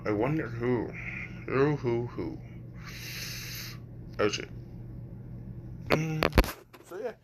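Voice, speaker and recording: A man's voice: mid-range voice, expressive, drawn-out words, long pauses, very noisy. A man casually retelling a fan story, rambling and swearing, with many fillers and asides.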